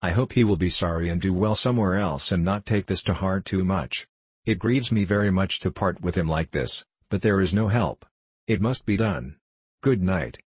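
A man voicing a pale, tearful young girl, gentle and pleading, in a storybook reading. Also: low voice, normal speed, husky, dry recording. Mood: sorrowful.

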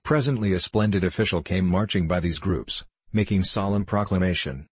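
A man reads an audiobook in a measured, steady storytelling style. His voice is deep and husky. The recording is dry and close. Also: no room sound, low-quality recording. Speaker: narrator. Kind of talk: audiobook narration.

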